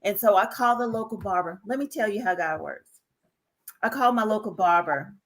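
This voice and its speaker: A woman, a podcast guest telling a personal story in an animated way, often repeating herself and speaking straight to listeners. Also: medium pitch, a little fast, poor audio. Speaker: guest, author. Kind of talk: casual interview storytelling.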